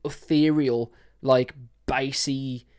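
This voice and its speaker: Picture a woman with a low, deep-set speaking voice hosting a music reaction. She rambles happily, piling on fillers and gushing over what she hears, in a loose and casual commentary. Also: steady tone, slow pace, darkish tone. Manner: enthusiastic, rambling with many fillers.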